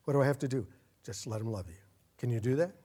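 A man preaching a sermon as a pastor, earnest, getting louder and slowing down to stress his points. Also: mid-range voice, expressive, slightly rough. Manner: earnest, swells louder and slows down for emphasis.

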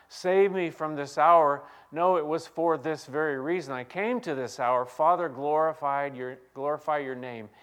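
A male pastor delivering a sermon, reading scripture aloud and moving between loud emphatic questions and hushed, quiet passages. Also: medium pitch. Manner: dynamic preaching, swinging from loud exclamations to hushed quiet.

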